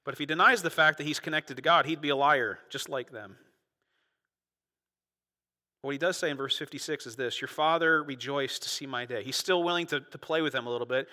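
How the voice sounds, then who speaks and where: A man preaching a sermon as a pastor, moving between quiet asides and loud, animated bursts. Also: a little high, fairly quick, long pauses, big-room sound.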